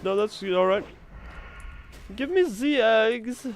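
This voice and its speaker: A man voicing a jolly German male cook in a high, slow, drawn-out mock-German accent, pleading and polite. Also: expressive, a little hiss or hum.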